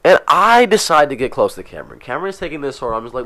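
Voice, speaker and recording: A man's voice: medium pitch, very animated, fast, sharp tone. Young man telling a rambling, profane story. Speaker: podcast co-host. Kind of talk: casual chat.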